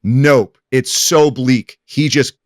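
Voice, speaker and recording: An eager man talks up a film in casual podcast chat, his voice sitting at an ordinary middle pitch. He tells his points with lively, animated energy. The recording is dry and close. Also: takes it slowly, no room sound. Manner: enthusiastic, animated storyteller. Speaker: podcast co-host. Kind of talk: casual movie review chat.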